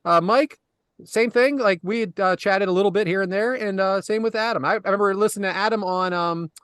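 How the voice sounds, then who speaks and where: High-voiced chatty man, dry podcast mic. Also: brisk, a bit bright, clear, resonant tone, dry recording. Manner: chatty, laughs often, reads listener questions. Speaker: podcast co-host. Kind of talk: casual podcast chat.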